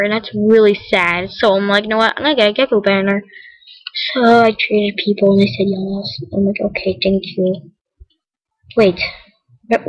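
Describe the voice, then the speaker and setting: A woman's voice: mid-range voice, low-quality recording. A young female vlogger giving casual, rambling commentary while showing her game, often correcting herself, and saying she is tired and cold. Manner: chatty, rambling, self-correcting, giggly. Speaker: gaming vlogger.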